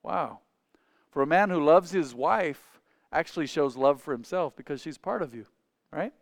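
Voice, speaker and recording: Man preaching, emphatic then hushed. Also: on the high side, animated, normal speed, gravelly, no room sound, studio quality. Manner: conversational, asks the congregation questions; swings between loud emphatic and quiet asides. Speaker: pastor. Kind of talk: sermon.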